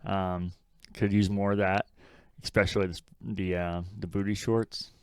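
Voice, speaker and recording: A man's voice: sits low, level tone, measured pace, clean tone, no room sound. A man co-hosting a podcast in casual chat, blunt and swearing freely as he mocks lines he quotes. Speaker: podcast co-host.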